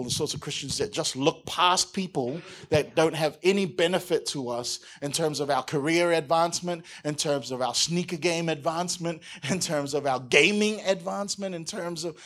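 A man with a New Zealand accent preaching a lively sermon, acting out scenes and rising to shouts. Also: on the high side. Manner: animated, acts out bits with shouted voices. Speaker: pastor.

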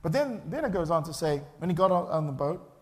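A man's voice: on the high side, fast. A male pastor, preaching a sermon in a church and acting out the people in his story. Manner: animated, acts out the characters' voices.

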